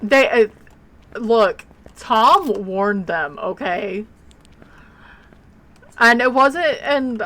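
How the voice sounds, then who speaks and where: A woman's voice: a little high, expressive, extremely slow, pauses often, sharp tone. A woman streamer chatting casually while playing a game, rambling and blunt, with offhand swearing. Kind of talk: casual live game commentary.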